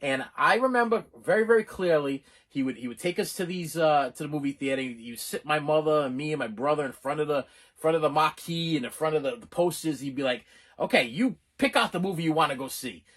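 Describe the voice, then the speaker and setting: A man's voice: a little high, quick pace. A middle-aged man telling a rambling personal story to camera, full of restarts. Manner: rambling, animated, lots of restarts. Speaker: channel host. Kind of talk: casual storytelling.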